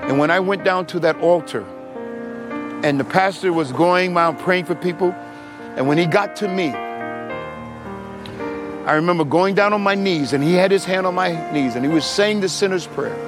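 A man's voice: high voice, normal speed, long pauses. A middle-aged man preaching his testimony, telling the story with animation and acting out the voices. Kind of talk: sermon testimony. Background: music.

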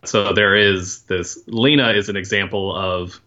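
A man's voice: sits low, steady tone, a little slow, sharp tone. A man co-hosting a casual film podcast, rambling and correcting himself as he goes. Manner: rambling, apologetic, self-correcting. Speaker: podcast co-host. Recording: slightly dull, lo-fi sound.

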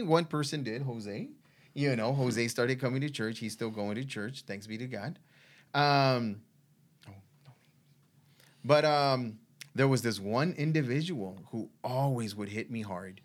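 Man, mid-pitched, telling a personal story haltingly with many restarts. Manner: halting, with frequent restarts and fillers. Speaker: guest sharing a faith testimony. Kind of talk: conversational storytelling.

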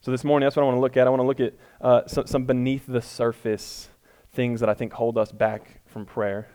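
A male pastor gives a relaxed, conversational sermon with a self-deprecating streak. He stays loose and chatty, then presses his points home with rising emphasis. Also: medium pitch, brisk. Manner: casual, self-deprecating, builds to emphatic peaks. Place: church room before a congregation.

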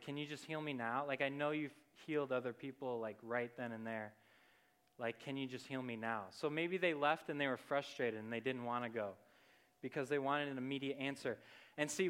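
A man's voice: a little high, a bit bright, clear, resonant tone. A young man giving a casual, conversational sermon, full of fillers and "like".

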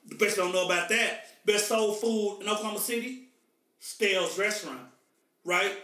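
A man's voice: sits high, sharp tone. A man from the US Midwest hosting a podcast in casual, emphatic, slangy talk. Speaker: podcast host. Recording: echoey room, mic far off.

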